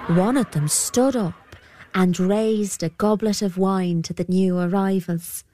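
A woman narrating an old folk tale in a measured storybook manner. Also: medium pitch, noisy background.

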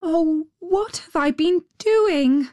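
A woman voicing an eager, anxious little girl in a storybook reading, with high, breathless exclamations. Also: takes it slowly, dark tone, dry recording, studio quality. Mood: worried.

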